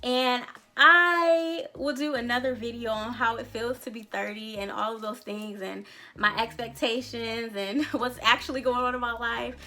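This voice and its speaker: A woman's voice: a little high, fairly even intonation, moderate pace, pushed and bright. A woman in her thirties talking candidly to her viewers in a casual, reflective vlog, rambling a little, laughing often and swearing casually. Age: 30s. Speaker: vlogger, songwriter. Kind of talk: casual reflective chat to camera.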